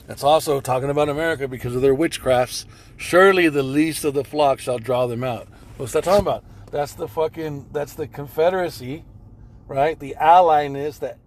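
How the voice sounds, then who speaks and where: Male streamer, slightly higher voice, preachy scripture-quoting delivery with heavy profanity. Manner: preachy and profane, repeats phrases. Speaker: streamer commenting on clips. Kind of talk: religious commentary reading scripture.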